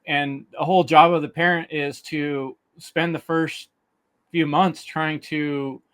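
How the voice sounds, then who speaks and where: A man with a slightly raised voice hosts a podcast roundtable. He is friendly and animated and passes the floor between his guests. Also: fairly high pitch, slow, smooth. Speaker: podcast host. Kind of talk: casual roundtable chat.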